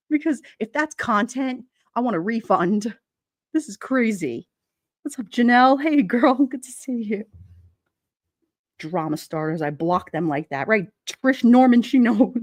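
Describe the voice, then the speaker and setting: A woman's voice: a little high, no room sound. Chatty, laughing woman livestreamer, dry sound. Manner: chatty, laughing often, blunt and playful. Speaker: livestream host. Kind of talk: casual live chat with viewers.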